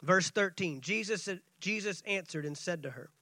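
A man delivers a sermon in a high, bright voice with a sharp edge. He swings between excited bursts and hushed, slowed-down lines, and he acts out the scripture dialogue. The sound is dry and close. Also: no room sound. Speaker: pastor.

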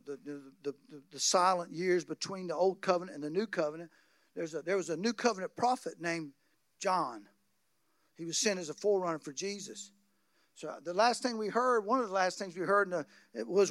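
A male pastor preaching a sermon, swinging from quiet asides to loud, excited bursts. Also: sits high, no room sound, studio quality.

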